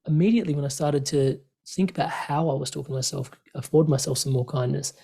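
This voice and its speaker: A man, speaking openly and earnestly in a relaxed conversation, with many fillers and restarts. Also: on the high side, fast talker, vocal fry, slightly rough. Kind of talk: reflective conversational chat.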